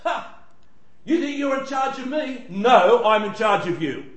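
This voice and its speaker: A man's voice: very high voice, expressive, a little slow, echoey room, voice pushed up. A man acting out a firm commanding Jesus. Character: Jesus, adult man, calmly commanding a demon.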